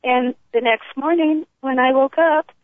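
An older woman speaks over a thin, tinny phone line, her voice sitting on the high side. She tells her own story with feeling, acting out the people she quotes and laughing often. The line is dry, with no room sound. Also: unhurried, no room sound. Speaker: author and guest. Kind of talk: emotional personal storytelling.

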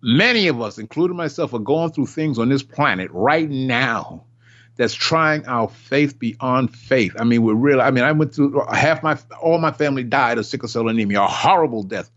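An older man preaches an impassioned sermon in a mid-pitched voice, emphatic and repeating himself for effect. He acts out the voices he quotes. The recording is dull and lo-fi. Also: moderate pace, a bit bright.

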